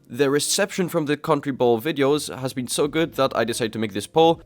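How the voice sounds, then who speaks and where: A man hosting a casual commentary vlog, chatty and self-deprecating, addressing his viewers directly as he reviews comics. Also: medium pitch. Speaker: YouTube host reviewing comics.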